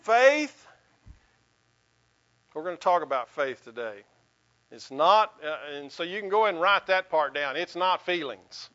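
A man's voice: on the high side, big pitch swings, a little slow, pauses often, bright, forceful tone, lo-fi sound. A male pastor giving a sermon in an earnest, conversational way, with a folksy sense of humor.

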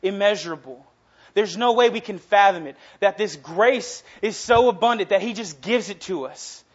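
A man's voice: high voice, moderate pace, highs cut off. A young man in his twenties preaching a casual, earnest sermon that swells into passionate emphasis. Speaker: youth preacher.

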